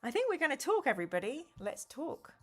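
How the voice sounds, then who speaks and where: A woman's voice: high voice, big pitch swings, brisk. A woman hosting a live stream, reading an interactive gamebook aloud and reacting animatedly to chat and choices.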